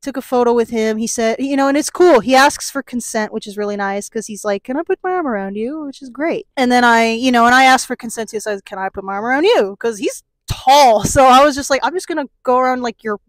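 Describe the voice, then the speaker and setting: A young woman vlogger with a slightly high voice talks a little fast with few pauses. She rambles casually to her phone camera in a convention hall, restarting sentences and laughing softly, while music plays behind her.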